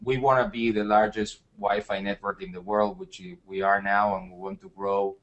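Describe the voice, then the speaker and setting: A man answering interview questions as an entrepreneur, calm and matter-of-fact. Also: lowish voice, moderate pace, muffled recording. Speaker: entrepreneur guest.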